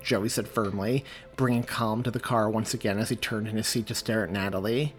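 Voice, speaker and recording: A man's voice: fairly low pitch, normal speed, faint music behind. A man, the author, reading his own story aloud as audiobook narration. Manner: expressive reading.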